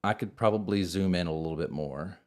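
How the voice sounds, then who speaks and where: Deep-voiced man hosting a casual podcast. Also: brisk. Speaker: podcast host. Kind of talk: casual chat. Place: podcast studio.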